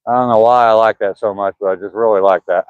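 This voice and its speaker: Walking past pine woods with his phone camera in hand, an older Southern man from Georgia chats casually with livestream viewers, rambling, chuckling and reading their messages aloud. His fairly low voice is clear and resonant, with fairly even intonation and a quick pace; the sound is lo-fi with no room echo.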